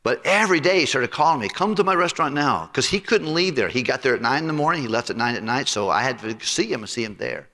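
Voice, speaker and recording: A male pastor telling a personal story in an animated, conversational sermon. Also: mid-range voice, fast talker, few pauses. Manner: animated, conversational anecdote with repetitions. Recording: reverberant hall.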